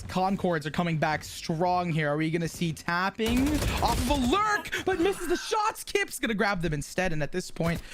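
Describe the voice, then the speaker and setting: An esports co-caster calling plays in quick bursts, laughing easily and hedging with fillers. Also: medium pitch, background noise. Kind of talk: play-by-play commentary.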